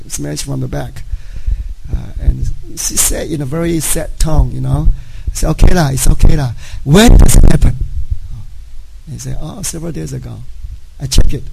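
A middle-aged man, a native Chinese speaker, giving a personal testimony to a congregation in halting speech, often checking in with "right?". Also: on the high side, vocal fry, background noise. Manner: halting, frequent "right?" tag questions. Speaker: church member giving a testimony.

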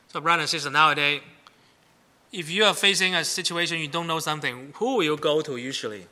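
A man's voice: a little high, animated, a little fast, pushed and bright. A middle-aged man preaching a sermon as pastor, chatty and often checking in with the congregation. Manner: conversational, asks the congregation "right?".

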